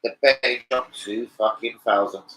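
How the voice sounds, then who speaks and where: An excitable man chatting loosely to camera about his bets, swearing freely and jumping between thoughts. His voice is bright and forward, and he rambles on at a loose, casual pace. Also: mid-range voice, moderate pace, rough recording. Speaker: football betting vlogger.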